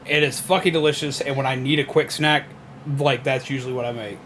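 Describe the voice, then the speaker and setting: A young gamer plays a horror game in a casual let's-play, chatting in a laid-back way, swearing, and rambling through loose stories full of fillers. His medium-pitched voice is a bit bright and slightly fast with fairly even intonation, over slight background noise.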